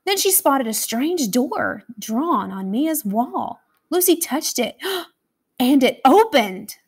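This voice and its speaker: A woman with an American accent reading a children's picture book aloud, expressive and animated, taking on voices for the characters. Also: sits high, slow, breathy edge. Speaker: school academic coach reading aloud. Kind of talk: children's storybook read-aloud.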